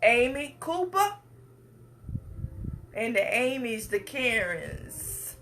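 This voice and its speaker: A woman's voice: a little high, very animated, extremely slow, fairly bright tone, a little hiss or hum. A woman, giving an impassioned speech with emphatic, repetitive phrasing. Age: 50s. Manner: emphatic, repetitive, preacher-like cadence. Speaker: speaker addressing the public.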